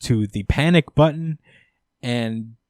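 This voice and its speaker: A man hosting a podcast, casually recapping a comic book in an excited, profane, laughing way. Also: medium pitch, slow, no room sound, studio quality. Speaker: podcast host.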